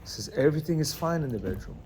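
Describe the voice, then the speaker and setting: A man's voice: on the high side, quick pace, slight background noise. A man giving an informal, emphatic lecture on marriage to a class of men, repeating himself and often checking that they understand. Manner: repetitive, keeps asking "you understand?"; emphatic, lively, acts out quotes.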